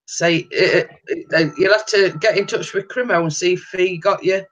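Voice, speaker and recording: A woman co-hosting a casual livestream, chatting in a relaxed way with her partner. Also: on the low side, moderate pace. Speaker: co-host.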